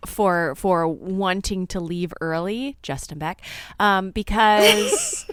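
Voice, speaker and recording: A woman co-hosting a podcast in casual chat, listening sympathetically and reacting softly. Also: medium pitch, very animated, takes it slowly, smooth, no room sound, studio quality. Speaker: podcast co-host.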